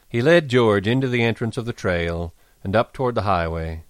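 A man reading a novel aloud in a measured, even storytelling manner. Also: lowish voice, no echo, studio quality. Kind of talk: audiobook narration.

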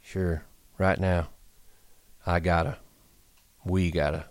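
A man voicing a weary, protective ranch hand who speaks quietly and tiredly in an audiobook reading. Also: deep voice, little pitch movement, slow pace, dry recording. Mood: quiet soothing.

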